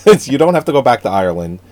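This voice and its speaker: On a dry recording, a medium-pitched man talks fairly quickly as co-host of an informal film review show. Raised in an Italian-American family, he cracks jokes, curses freely and tells stories with real energy.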